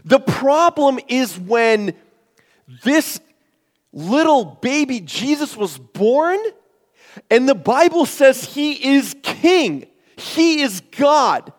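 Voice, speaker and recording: High-voiced male pastor, emphatic preaching. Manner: emphatic, rhetorical questions, shifts between loud and hushed. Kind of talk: sermon. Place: church sanctuary. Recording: long hall reverb.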